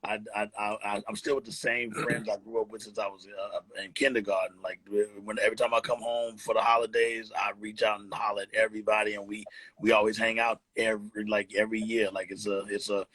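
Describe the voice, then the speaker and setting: A man's voice: lowish voice, little pitch movement, fairly quick, a bit bright, breathy edge, no room sound, low-quality recording. A man in his fifties from Texas, telling stories in a rambling, casual way on a live phone stream. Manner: rambling, restarts and "you know" fillers. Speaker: host of a live chat. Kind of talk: casual storytelling chat. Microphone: phone on a live video stream.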